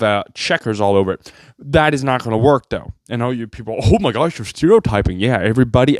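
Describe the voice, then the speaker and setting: A vlogger delivers a sarcastic, rambling comedic rant to his viewers, his pitch jumping around. The recording is clean studio sound with no room echo.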